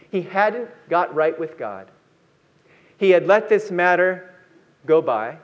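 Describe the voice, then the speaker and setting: High-voiced preacher man telling a story. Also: muffled recording. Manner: storytelling preacher, slow emphatic lines. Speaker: pastor. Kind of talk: sermon.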